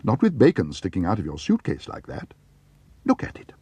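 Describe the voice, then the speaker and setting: A man voicing an eager, bossy young girl in a cartoon, with an excitable way of talking. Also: fairly low pitch, brisk, husky, no echo, exaggerated voice.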